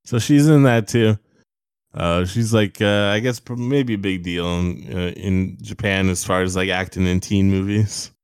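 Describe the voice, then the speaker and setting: A man with a lowish, smooth voice talks through a film in a loose, rambling way, stacking filler words and swearing casually. The sound is dry and close, with no room around it. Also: steady tone, measured pace, no echo. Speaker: podcast co-host reviewing a movie. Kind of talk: casual chat.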